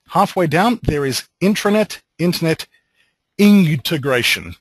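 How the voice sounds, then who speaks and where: An Australian man leading a software training webinar, explaining steps with relaxed joking asides. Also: mid-range voice, husky, no room sound, rough recording.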